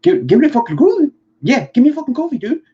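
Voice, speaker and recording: A man with a Philadelphia accent acting out a brash, loud man ordering coffee fast and profanely. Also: very high-pitched, huge pitch swings, dull audio, voice pushed up, exaggerated voice. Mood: impatient.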